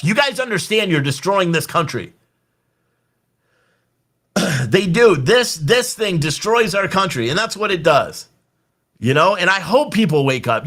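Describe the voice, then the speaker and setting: A man's voice: high voice, bright, forceful tone. A young man hosting a political livestream, ranting in an angry, exasperated, profane way. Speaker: livestream host.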